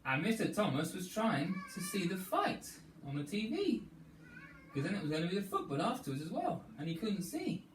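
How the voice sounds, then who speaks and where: Animated man leading a kids' story yoga class. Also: high-pitched, normal speed, a little hiss or hum. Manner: playful, animated, coaxing children along. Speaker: children's yoga instructor. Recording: echoey room, distant mic, faint ambience.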